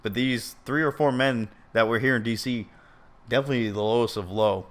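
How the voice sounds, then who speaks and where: A man's voice: mid-range voice, fairly even intonation, brisk, a bit bright. A man giving casual commentary as he reads an article aloud, earnest and opinionated, rambling and often stumbling and correcting himself. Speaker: video commentator.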